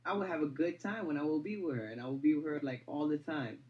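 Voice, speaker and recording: A man's voice: on the high side, fast talker, phone-quality sound. Rambling young man telling his story. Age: young adult. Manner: rambling, repeats words, fillers like "you know". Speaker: interviewee. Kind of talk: casual storytelling interview.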